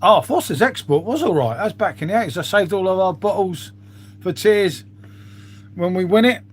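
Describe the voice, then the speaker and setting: A man's voice: high voice, expressive, normal speed, husky. Chatty man on a live stream. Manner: chatty, swears freely, talks to viewers as mate. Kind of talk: casual live-stream chat.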